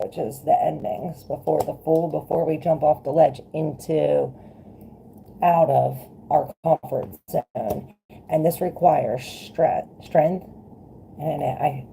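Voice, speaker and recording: A woman with a low, deeply gravelly voice full of fry gives a casual tarot reading on a livestream. Her tone is dark and mellow, and her smoker's rasp colors every word. She rambles in a loose, chatty way, with plenty of fillers. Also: slight background noise. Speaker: tarot reader.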